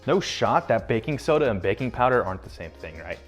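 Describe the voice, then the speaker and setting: A man's voice: mid-range voice, very animated, brisk. Young guy doing a kitchen vlog, goofy and rambly, pokes fun at himself, normal mid voice, bit of music underneath. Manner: jokey, rambling, self-mocking. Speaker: home cook vlogger. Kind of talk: casual cooking vlog. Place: home kitchen.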